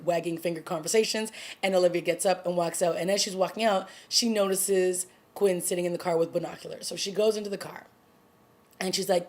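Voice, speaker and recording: A woman vlogger casually recapping a TV drama episode, excited and gossipy, acting out the characters' lines. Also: fairly low pitch. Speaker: TV review vlogger. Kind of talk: casual chat.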